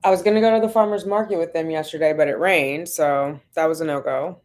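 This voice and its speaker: A woman's voice: deep voice, fairly even intonation, fast, darkish tone. Laid-back woman chatting on a home livestream. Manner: chatty and laid-back, laughs often, greets viewers by name. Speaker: vlogger hosting a livestream. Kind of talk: casual livestream chat greeting viewers.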